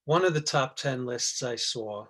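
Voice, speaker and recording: Rambling middle-aged man, halting chat. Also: medium pitch, a bit bright. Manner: rambling, halting, many restarts and fillers. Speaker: guest actor. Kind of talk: casual chat.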